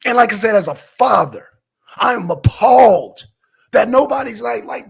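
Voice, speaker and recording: A man hosting a political livestream from home, with a high voice that turns gravelly and husky. He talks bluntly, profanely and with heat, and he often slips into crude language as he speaks. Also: animated, normal speed. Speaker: livestream host. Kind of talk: political talk stream.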